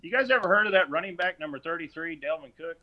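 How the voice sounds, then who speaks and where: Guy ranting on a sports podcast, all over the place pitch-wise, kinda muffled audio. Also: fast talker. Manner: animated, mocking, does exaggerated voices. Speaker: podcast host.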